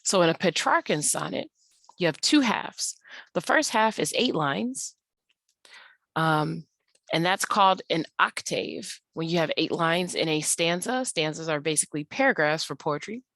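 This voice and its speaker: A woman with a low voice teaches an online lesson, patiently talking through her slides. She fills her pauses with ums and uhs. The sound is dry and close. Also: animated, a bit bright, dry recording. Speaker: English teacher. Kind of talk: online tutorial walkthrough of slides.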